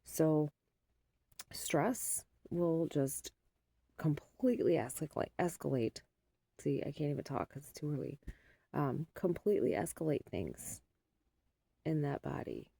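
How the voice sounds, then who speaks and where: A middle-aged woman talks through a casual vlog after almost no sleep. She rambles in a weary, unguarded way. Her voice is low, gravelly and mellow, and the sound is dry and close. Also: lively intonation, normal speed, no echo. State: sleep-deprived. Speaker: mother vlogging.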